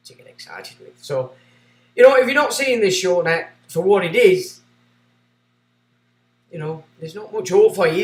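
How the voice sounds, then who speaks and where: On a livestream, a high-pitched man rants sarcastically and reads chat messages aloud, his voice jumping between loud and muttered. The mic is distant, in an echoey room.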